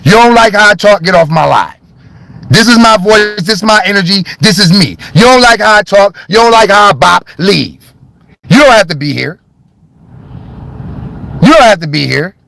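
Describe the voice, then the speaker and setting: A man ranting to his chat on a phone live stream, loud, heated and blunt, swearing freely. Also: high-pitched, lively intonation, normal speed, gravelly, pauses often, rough recording. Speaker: livestreamer. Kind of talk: livestream rant to chat.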